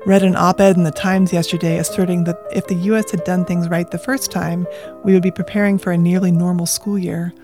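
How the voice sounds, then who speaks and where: An adult from Colorado reading personal journal entries aloud in a quiet, measured way, at times dropping into a whisper. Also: mid-range voice, flat delivery. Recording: dry close mic with faint music.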